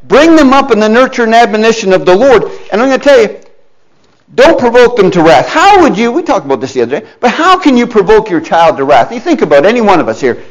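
Animated, high-voiced man preaching. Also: fast, few pauses, poor audio. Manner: animated, emphatic, acts out quoted parents; conversational, with restarts and asides to listeners. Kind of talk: sermon.

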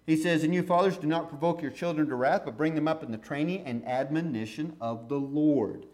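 In a brisk, slightly high voice, a middle-aged preacher reads scripture aloud and then talks through what it means, keeping things lively and conversational.

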